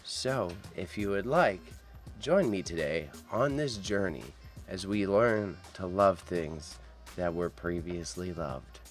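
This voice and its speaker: A man putting on the voice of a mellow male public radio host, soft and slow. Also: sits low, expressive, soft background music, pitched below the performer's own voice. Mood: soothing. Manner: soft, slow, intimate delivery.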